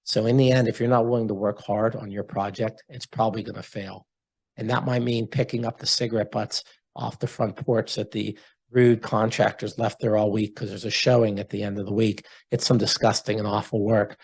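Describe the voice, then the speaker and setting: A man, a lender guest in an interview, telling stories in a blunt, animated way. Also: fairly low pitch, a little fast, breathy edge. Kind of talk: storytelling in an interview.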